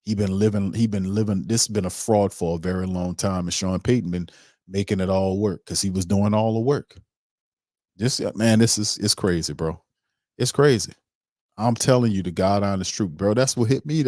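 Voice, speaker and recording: A man's voice: on the low side, moderate pace, darkish tone, no echo, studio quality. A man hosting a sports podcast, ranting emphatically in casual slang with heated repetition. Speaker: podcast host.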